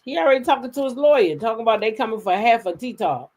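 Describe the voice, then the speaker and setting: Animated, loud woman telling stories. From United States. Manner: animated, profane, quick jumps into loud high quoted voices. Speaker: gossip channel host. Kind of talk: casual storytelling to live chat.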